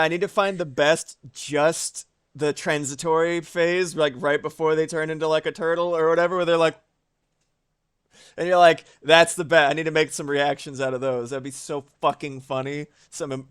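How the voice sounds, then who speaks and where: A man's voice: a little high, smooth. A man in his thirties streaming live while animating, chatting loosely with his viewers and cursing now and then. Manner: relaxed, chatty, reads chat aloud, swears casually. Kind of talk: casual live-stream chat.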